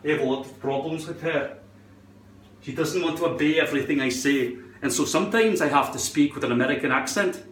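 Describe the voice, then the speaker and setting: Brief: male vlogger in a faked Scottish accent, slightly high-pitched, jokey and profane, echoey home room. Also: fairly quick, fairly bright tone, a little hiss or hum. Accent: put-on Scottish. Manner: rambling, joking, swearing freely. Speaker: hairpiece tutorial vlogger. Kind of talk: comedic rambling tutorial. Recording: roomy echo.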